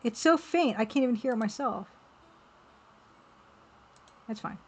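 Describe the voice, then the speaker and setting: A woman chatting casually on a live art stream while working, reading viewer messages aloud and reacting with excited exclamations. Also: on the high side, measured pace, slightly rough. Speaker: game developer streaming while drawing.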